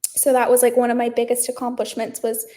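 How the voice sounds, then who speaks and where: A woman's voice: fairly high pitch, completely flat delivery, brisk, mellow. A young woman, a guest on a podcast, talking casually and packing her speech with "like" and "um". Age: young adult. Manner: chatty, leans heavily on "like" and "um". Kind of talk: casual interview chat.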